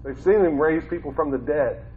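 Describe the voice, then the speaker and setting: A man's voice: on the high side, normal speed, slight background noise. Man giving a Bible talk over a tinny line. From Ohio, United States. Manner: conversational, repeats phrases, grows more fervent. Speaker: lay preacher, former school teacher. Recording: tinny phone-like sound.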